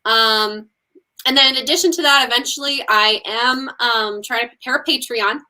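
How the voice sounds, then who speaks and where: A woman's voice: fairly high pitch, moderate pace, bright, forceful tone. A woman who is a musician, chatting casually as an interview guest, with lots of ums and likes. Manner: chatty, many ums and likes, laughs often.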